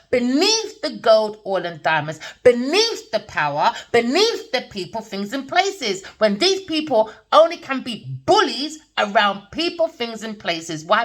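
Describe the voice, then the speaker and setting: A woman with talks through a tarot reading, her pitch leaping around in a lively, sing-song way. She rambles and preaches in a blunt, casual manner, swears freely, and keeps checking whether you understand. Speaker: tarot reader. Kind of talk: casual spiritual monologue.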